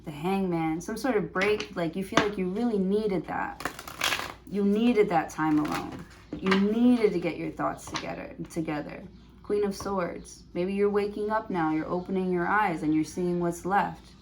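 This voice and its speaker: A woman's voice: on the low side, unhurried, noisy background. A woman giving a prerecorded tarot reading, thinking aloud with many fillers and restarts. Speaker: tarot reader.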